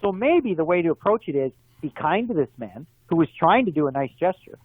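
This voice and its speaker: A male interview guest with a slightly higher-than-average voice calls in for a casual conversation, talking fast and animatedly and building his case through examples. The line is tinny and phone-like, completely dry with no room sound.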